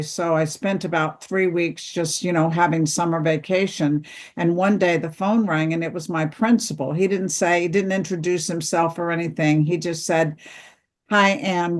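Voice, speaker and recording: A middle-aged woman, an author appearing as an interview guest, tells a personal story slowly and earnestly in a fairly low pitch, acting out the dialogue as she goes.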